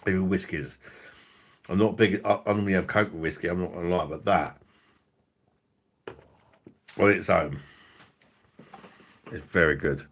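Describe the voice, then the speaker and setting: Low, forceful-voiced bloke. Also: male voice, steady tone, moderate pace, long pauses, breathy edge. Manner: rambling, profane, laughing often. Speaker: drinks reviewer host. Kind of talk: casual livestream chat.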